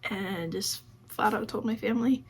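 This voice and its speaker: A woman's voice: medium pitch, normal speed, a little hiss or hum. A woman vlogger talking casually about her own life, acting out what people said with many "like"s. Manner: conversational, acts out quoted dialogue with many "like"s. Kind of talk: casual personal storytelling.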